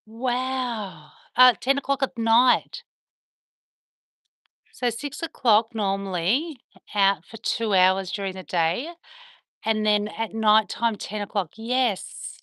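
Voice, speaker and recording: Bright, dry-sounding Australian woman, chatty livestream host answering comments, coos at her dogs. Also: mid-range voice, takes it slowly, no room sound. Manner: chatty, reads and answers viewer comments, soft baby talk to the dogs. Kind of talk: casual livestream chat with viewers. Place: at home on a veranda.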